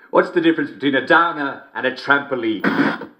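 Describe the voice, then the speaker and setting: Game voice: male actor as a middle-aged English TV host, giggly and smarmy, slow and sing-song, dull lo-fi sound. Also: medium pitch, natural voice. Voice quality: keeps chuckling between lines, smarmy showman delivery. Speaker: TV and radio host. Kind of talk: scripted in-game broadcast.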